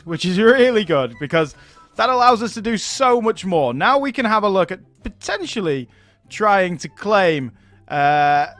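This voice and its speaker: A man with a fairly high voice talks through his strategy game in a chatty, easygoing way and chuckles often as he goes. He is recorded close and dry on a desk mic. Faint game music plays underneath. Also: a bit bright, no echo. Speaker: gaming YouTuber. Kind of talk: gameplay commentary.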